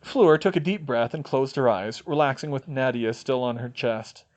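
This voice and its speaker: A man reading fan fiction aloud as an audiobook narrator, expressive in delivery. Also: mid-range voice, moderate pace. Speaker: audiobook reader.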